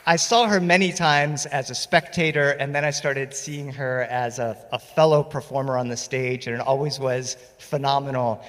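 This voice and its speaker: A man performing stories live on a festival stage, playful and animated, speaking into a stage microphone. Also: mid-range voice, in a large hall. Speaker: storyteller. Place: festival stage before an audience.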